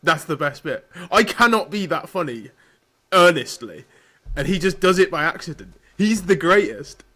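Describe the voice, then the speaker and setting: A man's voice: high-pitched, animated, normal speed, sharp tone. A man co-hosting a podcast in casual banter, with dry, self-deprecating humor. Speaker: podcast co-host.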